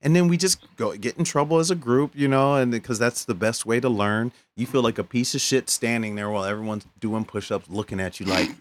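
A man co-hosting a podcast, telling casual stories, animated and profane, often laughing. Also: mid-range voice, a little fast, hardly any pauses. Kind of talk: casual storytelling chat.

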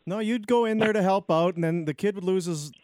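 A man's voice: high-pitched, fairly quick, darkish tone, dry recording, poor audio. Teasing male radio co-host. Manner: joking, teasing. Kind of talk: casual sports talk.

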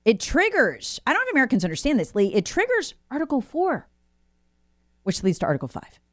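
A woman's voice: sits high, huge pitch swings, brisk, a bit bright, dry recording, clean studio sound. A woman speaking as a guest commentator, alarmed and insistent, often repeating words for emphasis.

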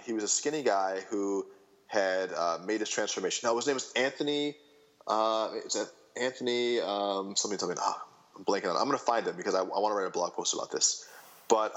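A man in his thirties chatting casually as a podcast guest, rambling and animated, with lots of fillers and restarts. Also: fairly low pitch.

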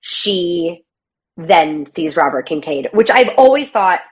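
Chatty, lively woman guest. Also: fairly low pitch, low-quality recording. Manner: animated and chatty, mimics characters in quick asides. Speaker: guest, playwright and actor. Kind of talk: casual conversational interview.

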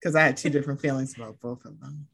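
A woman co-hosting a casual chat, talking in an animated, profane way and acting out heated rants. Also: very deep voice, rapid-fire, creaky, breathy edge.

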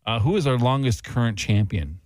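Lively radio host man. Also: medium pitch, no room sound, clean studio sound. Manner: lively, playful, quick to laugh. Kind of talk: morning radio banter.

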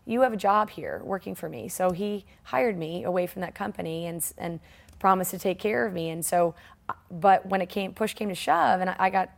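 A woman guest in an interview, telling a personal story in a lively, candid way and laughing now and then as she talks. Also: lowish voice, a little fast, creaky. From United States.

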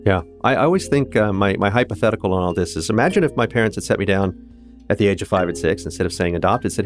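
A man in his fifties from Kansas with a low, deep voice, speaking earnestly and candidly. He reflects on his own life as a guest in a conversation, with faint music underneath. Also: fast. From Kansas, USA. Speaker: interview guest. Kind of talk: personal storytelling in conversation.

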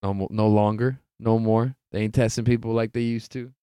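A young man hosts a casual sports podcast, talking in a loose, rambling way. His voice sits low and sounds smooth and clear, close to the mic in a dry space with no room echo. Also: flat delivery, brisk, mellow. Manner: laid-back, rambling, heavy swearing and laughter. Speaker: podcast host.

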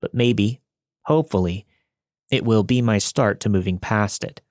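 A man with a low voice narrates true creepy encounters in a steady, measured way. The sound is dry and close, with no room around it. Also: dry recording. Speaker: podcast narrator reading listener stories. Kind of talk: scripted narration.

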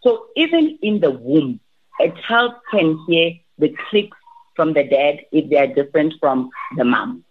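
A woman, a language teacher, giving advice in an interview, animated and often restarting her sentences. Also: sits low, unhurried. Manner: animated, repeats and restarts, acts out quotes. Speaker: language academy teacher, guest. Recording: tinny phone-like line.

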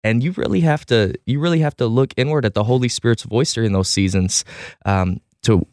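A man's voice: medium pitch, fairly quick, a little mellow, no echo, studio quality. A man who works as a young adults pastor, reading scripture and then talking earnestly about faith, with small stammers and self-deprecating humor.

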